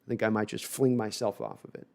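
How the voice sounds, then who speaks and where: A man's voice: fairly low pitch, big pitch swings, fast, creaky, darkish tone. A man hosting a casual live sports talk stream, reading viewer comments and rambling with self-deprecating asides and frequent restarts.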